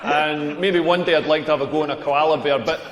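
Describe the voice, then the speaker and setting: A self-deprecating Scottish comic of about forty, played by a man in a game, rambling through his anecdotes in a voice pitched rather high. His set rings out in an echoey hall with a long reverb tail. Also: fairly even intonation, quick pace, slight background noise, lightly acted. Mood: wry. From Scotland. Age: 40s. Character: self-deprecating tall Scottish male comedian, around forty. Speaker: stand-up comedian. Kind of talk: stand-up comedy set in a video game.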